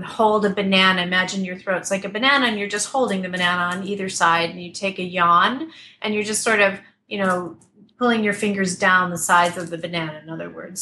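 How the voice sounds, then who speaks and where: Bright, chatty woman vocal coach. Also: mid-range voice, a little hiss or hum. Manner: animated, chatty, many fillers and restarts. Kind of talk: remote interview, explaining technique. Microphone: desktop computer mic at a distance.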